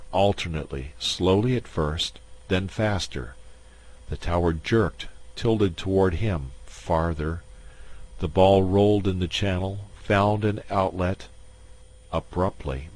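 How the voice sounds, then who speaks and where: Deep, slow-reading male narrator. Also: darkish tone. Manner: slow, measured. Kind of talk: audiobook story reading.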